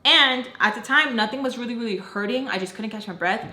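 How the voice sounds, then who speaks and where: A woman vlogger telling a storytime while doing her makeup, animated and full of fillers and swearing. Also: fairly high pitch, a little fast, roomy sound. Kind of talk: storytime vlog.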